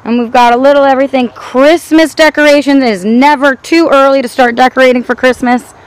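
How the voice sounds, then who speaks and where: Upbeat woman host, high and smooth, listing items at an outdoor auction. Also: steady tone, brisk, poor audio. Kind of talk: walkthrough sales pitch.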